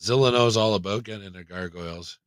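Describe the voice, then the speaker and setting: A man with a lowish voice hosts a loose stream conversation, relaxed and easygoing. The sound is dry and close, with no room around it. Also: fast talker, no echo. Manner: relaxed, reads out viewer comments. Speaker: live stream host. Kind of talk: casual chat.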